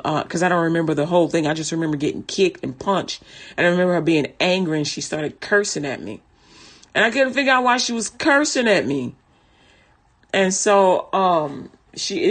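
Woman, casual storyteller, rambling, laughs between lines, talks like she's chatting with a friend. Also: lowish voice. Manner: rambling, laughs often, restarts sentences; vernacular, conversational speech.

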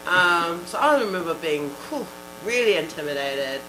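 A young woman with a New Zealand accent, a rugby player telling lively stories as a guest in a casual interview, acting out quotes with lots of "like". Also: on the low side, normal speed. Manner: storytelling, lively, acts out quotes, frequent "like". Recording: steady electrical hum behind.

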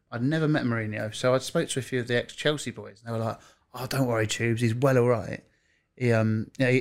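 Man, podcast co-host, lively anecdote teller, laughs through his stories. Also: mid-range voice. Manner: animated anecdotes, laughs while telling, acts out quotes. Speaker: podcast co-host, former football interviewer. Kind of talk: casual chat, storytelling.

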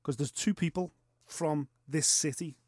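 A man hosts the conversation in a matey, encouraging way and swears casually. His voice is a touch high, and the sound is dry and close to the mic. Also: unhurried, a little mellow, dry recording. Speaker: podcast host. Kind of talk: casual podcast chat.

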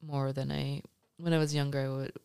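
Middle-aged mom with a stuffy nose chatting at home, rambles and restarts, bit of fry. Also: female voice, rumbling low, flat delivery, fairly quick, mellow, no room sound, clean studio sound. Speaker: mother being interviewed by her son. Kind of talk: casual chat. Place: home basement.

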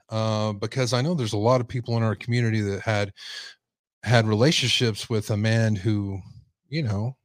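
Stream host, man, lowish voice, dry close sound, loose rambling delivery. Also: dry recording. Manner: casual, rambling, reads chat aloud. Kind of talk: livestream commentary.

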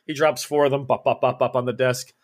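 A man's voice: medium pitch, little pitch movement, a little fast. Man narrating a tabletop game. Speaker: game master.

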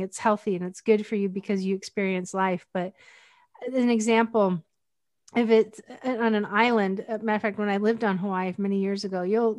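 A woman's voice: mid-range voice, dry recording, clean studio sound. A woman from Northwestern Pennsylvania hosting a casual interview, telling stories in a chatty way and laughing easily. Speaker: podcast host.

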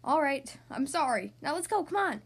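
An impulsive young boy superhero who rushes into action, as a woman reader voices him. The voice is high and swoops up and down with excitement. It fits a children's storybook. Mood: eager.

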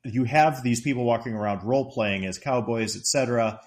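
A man in casual podcast chat, walking through a comedy film scene by scene. He tells it with energy, laughs easily and keeps jumping into the characters' lines. His voice sits at an ordinary middle pitch. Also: a little fast. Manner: animated retelling, quotes the characters in a raised voice; laughs often while talking. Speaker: podcast co-host discussing a movie.

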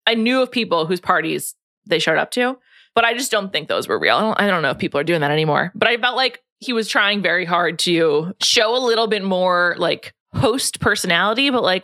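Brief: woman host, low-pitched but bright, chatty and quick to laugh, dry close sound. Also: expressive, no room sound. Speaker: podcast host. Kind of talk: casual chat.

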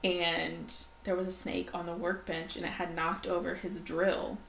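A woman co-hosting a casual chat podcast, telling stories with lively quoted voices. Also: on the low side, unhurried, vocal fry. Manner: animated storyteller, acts out quoted voices. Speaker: podcast co-host. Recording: echoey room, faint ambient noise.

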